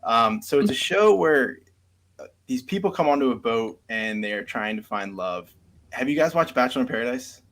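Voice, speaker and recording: A man's voice: mid-range voice, expressive, normal speed, fairly bright tone. A man, a podcast guest, chatting casually about a reality show, rambling with lots of fillers and restarts. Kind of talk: casual chat.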